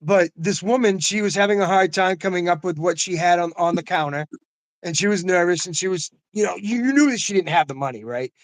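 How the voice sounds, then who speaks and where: A man's voice: high voice, fairly quick, dry recording. An older man in casual conversation, telling stories earnestly with frequent "you know what I mean" asides. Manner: laughs often. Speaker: host.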